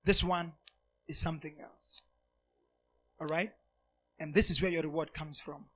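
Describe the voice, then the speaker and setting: A male pastor preaching a sermon to a congregation, repeating phrases and swinging between loud, emphatic shouts and hushed, quiet asides. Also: a little high, steady tone, unhurried.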